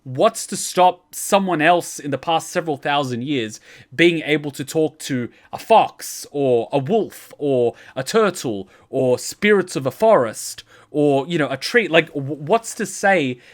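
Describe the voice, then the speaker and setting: The host of an anime reaction channel tells a personal story in a casual, animated way, swearing freely and getting louder when excited. His voice is fairly high, and he speaks a little slowly.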